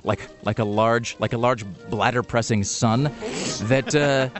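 A man's voice: mid-range voice, steady tone, measured pace, music in the background. A man hosting a radio news show, talking in a rambling, wry way with many fillers. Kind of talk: casual radio banter.

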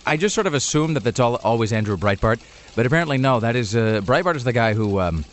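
A man hosting a talk radio show, riffing in quick, sardonic, rambling asides. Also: medium pitch, lively intonation, a little hiss or hum. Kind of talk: irreverent talk radio banter. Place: radio studio.

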